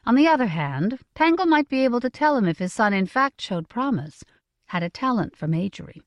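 A woman reads a fantasy novel aloud with smooth, expressive storytelling. Her pitch rises and falls in a lively way, and the recording is close and dry with no room sound. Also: brisk, dry recording, highs cut off. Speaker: audiobook narrator. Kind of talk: scripted fantasy narration.

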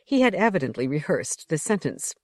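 A woman narrating an audiobook in an even, measured reading. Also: deep voice, no echo, clean studio sound.

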